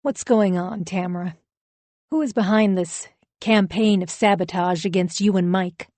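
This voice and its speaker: A woman's voice: medium pitch, normal speed, a little mellow, no echo, natural voice. A woman reading the lines of a defensive middle-aged male pastor in an audiobook, in a formal, evasive way. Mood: concerned.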